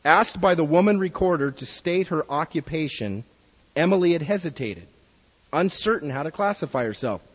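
A man's voice: a little high, expressive, normal speed, breathy edge, big-room sound, highs cut off. A man preaching a sermon in an earnest way, reading a story aloud to his listeners.

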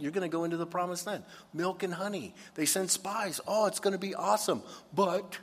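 A man preaching a sermon in an animated way, sometimes acting out complaining voices. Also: on the high side, husky, big-room sound. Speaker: pastor.

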